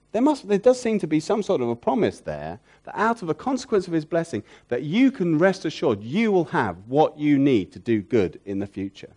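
Lively, expressive male preacher. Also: a little high, moderate pace, hardly any pauses. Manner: repeats phrases for emphasis, asks rhetorical questions; swings from loud emphatic peaks down to soft, hushed lines. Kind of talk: sermon.

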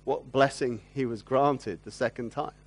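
A man preaching a sermon, earnest and gentle, often drawing his listeners in with tag questions. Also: mid-range voice, moderate pace.

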